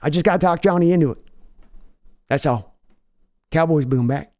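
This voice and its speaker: A man's voice: on the high side, normal speed, darkish tone, close to an everyday voice. A man doing a brash, boastful old team owner. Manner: folksy, wheedling, repeats himself.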